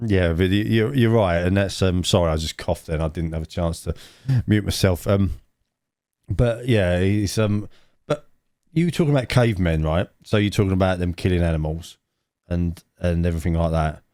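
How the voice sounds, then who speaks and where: Low-pitched man, casual podcast chat, rambling, restarts, dry mic. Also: normal speed, a little mellow, no room sound. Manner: rambling, many restarts and stumbles. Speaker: podcast co-host. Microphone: own mic, remote.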